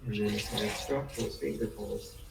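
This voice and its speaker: A man teaching a live online class, explaining a demonstration at an unhurried pace with fillers, picked up by a microphone sitting on a table. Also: fairly low pitch, fairly even intonation, creaky. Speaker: lecturer. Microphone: table mic. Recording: echoey room from far off, noisy.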